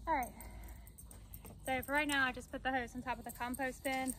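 Brisk and level in tone, this gardening vlogger's voice sits high with a fairly bright quality as she casually explains each step of her backyard garden work to the camera. She's out of breath at times. Poor audio with a little hiss or hum.

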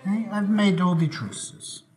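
An actor playing a smooth, patronizing crime boss father. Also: high voice, slow, darkish tone, soft background music. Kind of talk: film acting.

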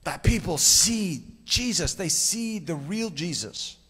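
A man's voice: high-pitched, expressive, slow, sharp tone, breathy edge. A man preaching a charismatic sermon in a church sanctuary, fervent and emphatic, telling stories and repeating key phrases. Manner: fervent, storytelling, emphatic repetition. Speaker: guest preacher. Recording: reverberant church hall.

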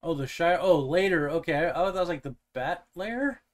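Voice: medium pitch, animated, brisk. A podcast co-host chatting casually, teasing, cracking crude jokes and riffing on a book. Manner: jokey, crude humor, teasing. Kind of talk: casual chat.

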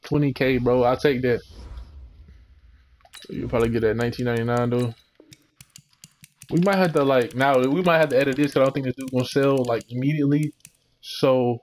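A young man giving casual, slangy commentary while opening packs in a video game, relaxed but breaking into excited outbursts. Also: mid-range voice, a little hiss or hum. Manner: laid-back slangy chatter, sudden excited outbursts. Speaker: gaming channel host.

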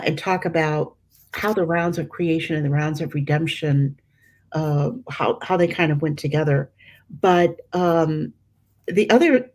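A middle-aged woman leads a religious study in an easy, conversational way. Her voice sits on the lower side, and her speech is loose, full of fillers and self-corrections. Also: a little mellow. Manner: conversational, many fillers and restarts, acts out quoted voices. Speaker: Catholic teacher leading a prayer study. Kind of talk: informal religious teaching.

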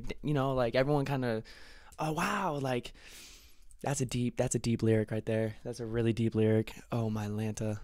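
An enthusiastic man talking through a music video he is reacting to, tossing out quick exclamations of delight. His voice sits at an ordinary pitch and sounds dry and close, with no room around it. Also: a little mellow, no room sound. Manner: gushing, repeats short exclamations of delight. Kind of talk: casual reaction commentary.

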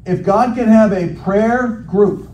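A man giving an animated, jokey sermon as a guest preacher, acting out quoted voices. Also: high voice, slow. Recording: echoey hall from far off, faint noise.

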